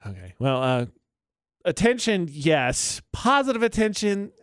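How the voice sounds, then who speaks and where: A man's voice: sing-song, unhurried, clean tone, dry recording. A man with a dry, self-mocking way of talking, co-hosting a casual radio show and reading its promos. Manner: dry, self-mocking, low-key delivery. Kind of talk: casual morning show banter.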